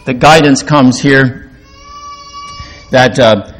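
Older man, pastor, sermon, lively swings from loud emphasis to quiet lows, halting restarts, mid-pitched voice.

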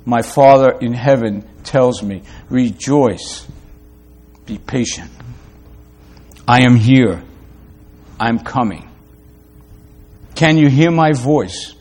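A calm, fatherly divine voice that speaks low and hushed, as a preacher puts it on. it is tender and unhurried, with long pauses between phrases, and it sounds reassuring and patient. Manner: hushed, soft, slow and tender.

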